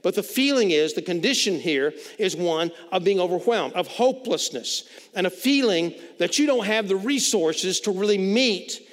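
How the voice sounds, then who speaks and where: High-voiced man preaching in a hall. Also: lively intonation, moderate pace, few pauses. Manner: conversational, repeats words while building points. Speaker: pastor. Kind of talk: sermon. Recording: long reverb of a large hall.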